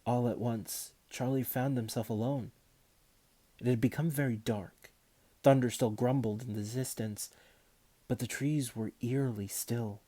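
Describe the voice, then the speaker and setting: A man reading a children's novel aloud in a calm, measured way. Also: medium pitch. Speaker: audiobook reader.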